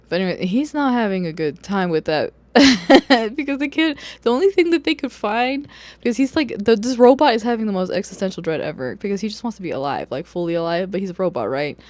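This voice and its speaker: With lively intonation and a slightly quick delivery, a book vlogger talks through a casual review in a mid-range voice, free of echo. The chat is loose, peppered with fillers, profanity and bursts of laughter, and recorded on a phone or camera on an unsteady stand.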